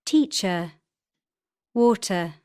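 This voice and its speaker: A woman's voice: lowish voice, animated, drawn-out words, darkish tone. A woman reading single vocabulary words and short explanations for a course, carefully articulated. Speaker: audio narrator for a vocabulary course. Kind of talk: scripted instructional reading.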